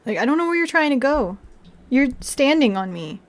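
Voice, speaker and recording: A young woman streamer with a high, light voice chats loosely with her viewers. She laughs often, fills her talk with "like," and softens into baby talk for her pets. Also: sing-song, normal speed. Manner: chatty and giggly, full of "like" and restarts, baby-talks to her pets. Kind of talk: casual live-stream chat.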